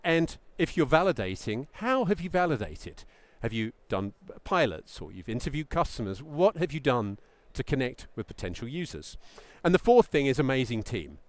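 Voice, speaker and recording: A middle-aged man giving a presentation to founders as a pitch coach, emphatic and lively, sometimes acting out what a founder might say. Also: moderate pace, hardly any pauses, dry recording. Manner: animated, emphatic, acts out mock founder quotes.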